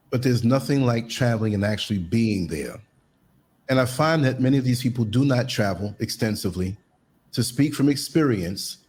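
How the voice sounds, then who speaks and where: A man hosting a podcast, asking his guest questions in a measured, deferential way. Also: medium pitch, a little mellow, husky. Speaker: podcast host. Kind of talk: interview conversation.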